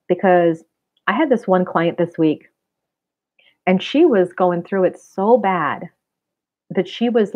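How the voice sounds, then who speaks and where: A woman in her forties, a spiritual reader and wellness center owner, chatting casually and earnestly with her live-stream viewers and addressing them directly. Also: fairly low pitch. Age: 40s. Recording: tinny phone-like sound.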